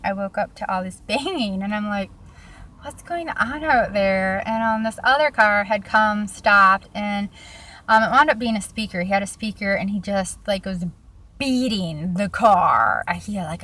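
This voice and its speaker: A young woman chatting through her own stories in a loose, casual way. She laughs often and fills gaps with ums and likes. Her voice sits at an ordinary middle pitch, with faint noise behind her. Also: fairly bright tone. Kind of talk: casual storytelling vlog.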